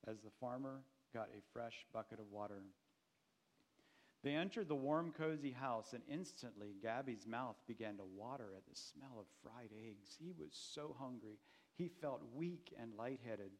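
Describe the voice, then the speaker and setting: A man narrating a children's story in a gentle, measured way. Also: mid-range voice.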